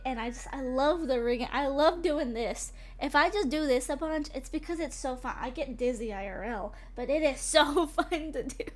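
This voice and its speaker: A young woman from North Carolina, a streamer chatting casually to her viewers in a bubbly, rambling way and often breaking into giggles. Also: high-pitched.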